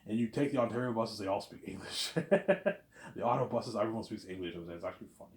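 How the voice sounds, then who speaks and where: Man, casual vlog monologue, low voice, repetitive, rambling, roomy echo. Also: fast, slight background noise. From lives in Quebec, Canada. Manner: rambling and repetitive, tags lines with "obviously". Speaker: vlogger.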